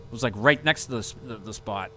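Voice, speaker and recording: A touring musician rambling through a casual tour recap, loose and profane with constant fillers. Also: male voice, fairly low pitch, fast talker, music in the background.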